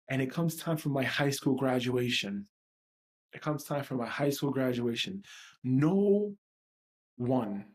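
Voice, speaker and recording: A man in his thirties from New York, coaching an EFT tapping session with a raw, profane, emotionally charged monologue that repeats phrases for emphasis. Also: mid-range voice. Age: 30s.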